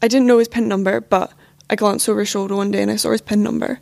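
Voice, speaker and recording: A young woman recounts a painful relationship story in a candid, halting way, peppered with "like" and "you know". Her voice sits at a middle pitch with a noticeable gravelly fry. The sound is close and dry, with no room echo. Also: level tone, a little mellow. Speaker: podcast guest. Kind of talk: personal storytelling.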